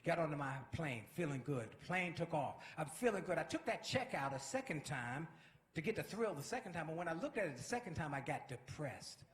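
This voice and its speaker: A man giving a motivational speech with an energetic, preacher-like delivery that builds to shouts. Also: a little high, fairly quick, echoey room. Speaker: motivational speaker. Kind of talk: inspirational speech.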